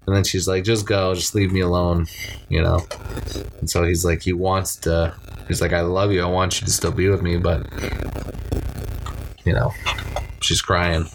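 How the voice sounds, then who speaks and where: A man's voice: low-pitched, flat delivery, moderate pace, long pauses, background noise. A man casually retelling a movie's scenes, rambling and swearing as he quotes the characters. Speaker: podcast co-host recapping a movie.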